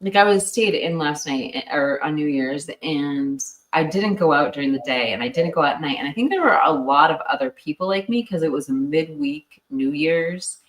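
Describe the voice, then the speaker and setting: A woman's voice: low-pitched, expressive. Chatty woman, roomy distant sound. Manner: chatty, quick to laugh, lots of "like". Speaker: true crime co-host. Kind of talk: casual livestream chat.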